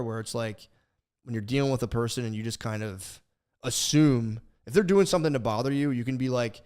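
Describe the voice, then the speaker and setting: A young man co-hosting a podcast, telling a story in a rambling, profane, animated way, full of restarts. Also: medium pitch. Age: young adult. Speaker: podcast co-host. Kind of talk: casual podcast chat.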